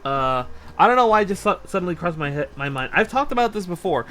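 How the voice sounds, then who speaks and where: A man streaming casually as he builds a model kit. He rambles, asks himself questions and counts steps out loud while he works. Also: high-pitched, sing-song, fast. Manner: easily sidetracked, lots of restarts and rhetorical questions.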